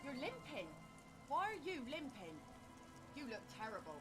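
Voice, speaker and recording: Blunt village woman, high lively voice, dry delivery, strong game music. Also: moderate pace. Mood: concerned. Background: game music and rain.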